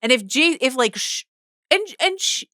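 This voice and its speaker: A woman co-hosts a podcast in loose, casual chat, cursing freely and breaking off to read passages aloud. Her voice is bright and forceful, swinging widely in pitch. The sound is dry and close. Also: sing-song, moderate pace, dry recording. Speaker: podcast co-host.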